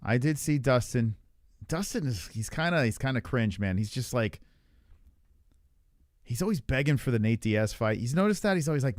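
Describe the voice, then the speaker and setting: A man's voice: mid-range voice, animated, normal speed, dry recording. Young guy on a stream going off about fights, swears a ton, mid voice, dry close mic. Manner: profane, ranting, reacts to chat. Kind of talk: livestream fight talk.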